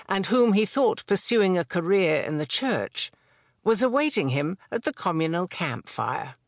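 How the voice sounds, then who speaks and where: Audiobook narrator, mid-pitched voice, measured delivery, dry close recording. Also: dry recording. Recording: dry close studio sound.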